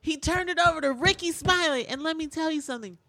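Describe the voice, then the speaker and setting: A female radio host chats loosely and candidly, saying "like" a lot and swearing often. Her voice is of ordinary pitch for a woman, bright, creaky and forceful, and she talks fast. The studio recording is dry and close, with no room sound.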